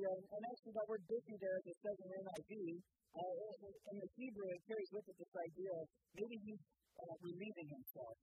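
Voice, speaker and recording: A man preaching a sermon, reading scripture aloud and then explaining it in a relaxed, conversational way with fillers. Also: sits high, narrow, tinny audio, a little hiss or hum. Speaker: pastor.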